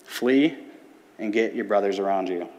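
A man's voice: on the low side, normal speed, darkish tone. Man, thirties, earnest testimony, quoted voices, hall reverb. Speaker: church testimony speaker. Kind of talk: personal testimony talk.

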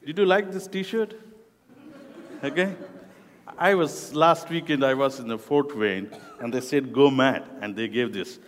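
A middle-aged Indian man, a youth ministry director appearing as a guest preacher, gives a sermon to a youth group in an echoey church room. His medium-pitched voice is slow and deliberate, with non-native phrasing. The recording carries a long reverb and a little hiss or hum.

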